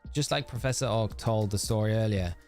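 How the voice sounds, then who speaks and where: Low-ish guy chatting on his live game stream, answering chat, some soft music in the back. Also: a little fast. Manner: chatty, reads viewer messages aloud and answers them.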